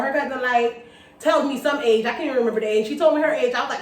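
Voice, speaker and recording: High-voiced woman telling a playful story. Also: racing. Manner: playful, lively, slangy narrator. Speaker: co-host. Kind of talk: casual storytelling. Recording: echoey room, far from the mic.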